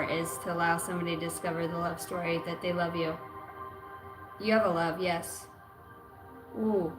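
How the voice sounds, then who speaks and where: A woman giving an intuitive card reading on a livestream. She talks loosely, swears freely and now and then breaks into chanted sounds. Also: fairly low pitch. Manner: loose, profane, bursts into chanting. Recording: roomy room with music behind.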